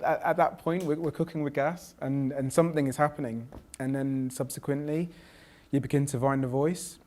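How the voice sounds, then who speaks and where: A man's voice: medium pitch, little pitch movement, brisk, mellow. Reflective man telling his story. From South London. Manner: reflective, with frequent restarts and quoted voices. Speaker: professor and panel guest. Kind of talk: personal storytelling in conversation.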